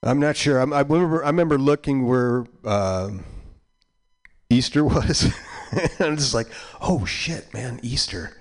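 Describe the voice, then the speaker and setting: An older man in his sixties, playing records on a community radio show. He talks loosely and meanders between thoughts, often trailing off mid-sentence. His voice sits at an everyday middle pitch. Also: a little mellow. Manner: rambling and halting, drifting between thoughts. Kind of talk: casual on-air chat between records.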